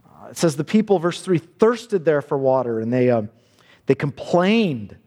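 A man's voice: fairly high pitch, very animated, unhurried, darkish tone, in a large hall. A man preaching a sermon, earnest, often repeating words as he builds a point.

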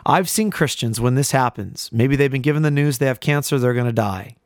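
A male pastor delivering a radio sermon in a slow, emphatic preaching manner, stretching out key phrases and speaking straight to the listener. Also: mid-range voice, no echo, clean studio sound.

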